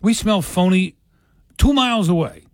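A man's voice: high-pitched, moderate pace, no echo. A man with a New Jersey accent co-hosting a radio show, chatting casually and rambling with lots of fillers.

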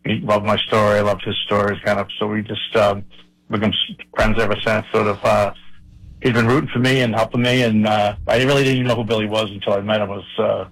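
A man with a Boston accent, a radio guest telling a hunting story with many pauses and fillers. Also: fairly low pitch, flat delivery, a bit bright, low-quality recording. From Boston area. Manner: hesitant, many ums and uhs. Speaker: guest hunter. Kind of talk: casual interview.

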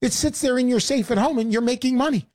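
A woman hosting a sarcastic, animated sales pitch monologue. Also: fast talker.

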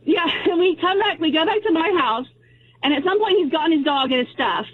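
A woman's voice: extremely high pitch, animated, fairly quick. A woman in her forties calling in by phone, telling a story in a chatty, laughing way. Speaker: caller. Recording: tinny phone line.

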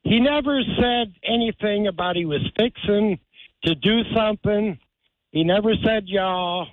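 A man's voice: high-pitched, unhurried, no echo. A man calling in to a sports radio show, talking in a folksy, drawling, apologetic way. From Ohio. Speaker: caller. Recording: tinny phone line.

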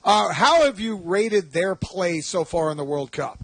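A man hosting a sports radio show, chatty and eager, tossing in quick asides. His voice sits high and a little husky. The studio sound is dry and close. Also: no echo. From Atlanta.

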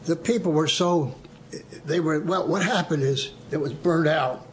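A little high and a little slow, the voice belongs to an older veteran interviewee who reminisces casually about his past. He tells stories, performs what others said, and chuckles, with slight background noise around him.

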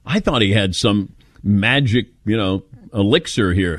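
A man's voice: on the low side, fairly quick, no room sound, studio quality. A middle-aged man hosting a call-in radio show in casual, joking chat. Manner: lively, joking, animated.

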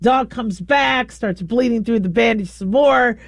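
A middle-aged woman host telling a long, rambling story in a casual, animated way, often stopping to correct herself. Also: fairly high pitch, measured pace, no room sound. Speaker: show host.

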